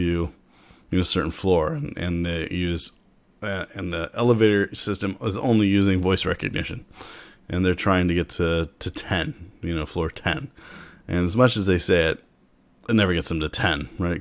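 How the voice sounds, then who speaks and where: A man with a deep, low voice talks through a technology topic in a relaxed, conversational way. He trails off, restarts his sentences and drops in wry asides as he goes. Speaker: tech speaker. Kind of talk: casual explanatory talk.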